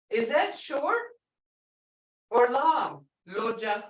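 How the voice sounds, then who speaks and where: A woman's voice: medium pitch, very animated, a bit bright. Woman teaching in an echoey room. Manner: repeats words slowly and quizzes the class. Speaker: language instructor. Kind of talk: classroom teaching. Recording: echoey room, distant mic.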